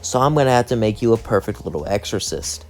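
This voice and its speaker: Male narrator playing a cold, mocking queen of hell; lowish voice, quiet music under. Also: lively intonation, fast talker. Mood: scheming. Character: scheming, scornful queen of hell, a woman.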